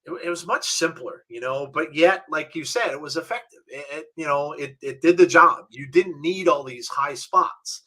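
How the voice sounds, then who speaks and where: A man co-hosting a live wrestling watch-along with a very bright, ringing voice pitched a bit high. He runs a casual play-by-play, calling holds and pins, and bursts into shouts when the big moves come. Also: normal speed, few pauses. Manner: excitable, calls the action and shouts at big moves.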